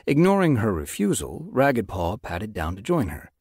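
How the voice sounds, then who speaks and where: Husky, animated male narrator. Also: on the low side, normal speed, no echo, studio quality. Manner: expressive storytelling. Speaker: audiobook narrator. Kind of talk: scripted narration.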